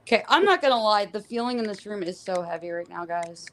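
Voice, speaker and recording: A woman on a live paranormal investigation, talking to her viewers in a hushed, uneasy way while cold and shivering. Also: mid-range voice, lively intonation, quick pace, recorded from a distance, a little hiss or hum, poor audio.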